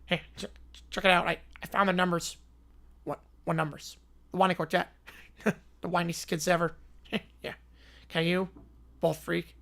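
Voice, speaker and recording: Two snickering teenage boys making a prank call, put on by a man, low and quiet in tone. They cackle between clipped, gleeful lines. The voice is dopey and mischievous. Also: gravelly, exaggerated voice. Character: snickering dim teen boys pulling prank calls.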